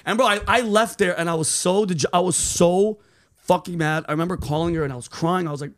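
Brief: male podcast host, loose profane storyteller, a bit high-voiced. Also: quick pace. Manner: profane, animated storyteller, says bro and dude.

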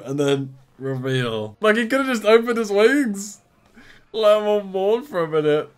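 A man's voice: sits high, sing-song, moderate pace. A man casually reacting to a film, exclaiming and laughing often. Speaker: movie reactor.

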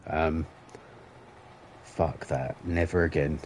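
A gaming livestreamer with a rumbling low, fairly even voice talks slowly in a darkish tone, with slight background noise. He chats casually with viewers as he plays, joking, rambling, swearing often and laughing at his own jokes.

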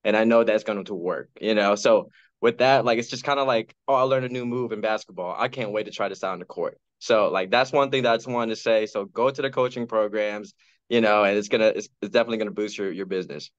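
A man's voice: lowish voice, fast. A man talking casually and with enthusiasm in a team meeting, often hesitating with ums. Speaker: real estate agent in training. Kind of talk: casual chat. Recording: dull dry audio.

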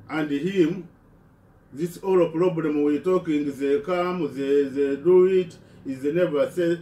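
Man, halting impassioned speech, mellow tone, distant echoey recording. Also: a little high. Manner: halting, repeats words and restarts.

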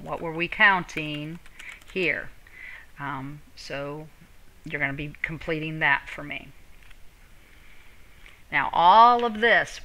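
Bright-voiced teacher, a woman, walking through steps. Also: low voice, poor audio. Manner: step-by-step instructional, addresses students directly. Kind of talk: screen-recorded software tutorial.

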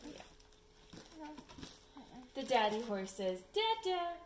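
A woman's voice: medium pitch, lively intonation, normal speed. Sing-song mom reading to her baby. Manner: sing-song, playful animal sounds. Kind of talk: reading picture books aloud to a baby. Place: home room. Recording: echoey room, faint background noise.

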